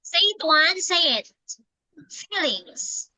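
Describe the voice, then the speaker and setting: A woman teaching English to a child over a video call, speaking slowly with repeated, encouraging prompts. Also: very high-pitched, sing-song, pushed and bright, low-quality recording. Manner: slow, repetitive, encouraging prompts. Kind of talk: online English lesson for a child.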